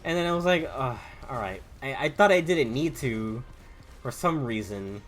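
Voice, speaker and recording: Faint game music plays as a young Southern US-accented man, a gaming YouTuber, comments on his play, rambling and restarting with stammers. He speaks at medium pitch and moderate pace, expressive and a little bright.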